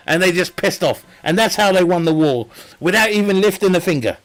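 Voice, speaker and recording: A man's voice: sits high, expressive, brisk. A man streaming a game, chatting casually in a rambling, joking way, laughing often and swearing. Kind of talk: casual live-stream chat.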